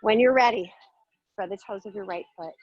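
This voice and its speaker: A woman's voice: mid-range voice, brisk, no echo, highs cut off. Playful, upbeat woman yoga teacher. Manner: upbeat, playful, encouraging cues. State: a little out of breath. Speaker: yoga instructor. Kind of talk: guided yoga class instruction.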